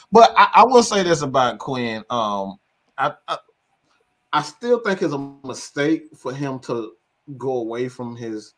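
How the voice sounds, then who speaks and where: A man's voice: mid-range voice, sing-song, takes it slowly, pauses often. A man co-hosting a casual sports talk show, emphatic in his opinions. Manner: emphatic, laughs between points. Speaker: podcast co-host.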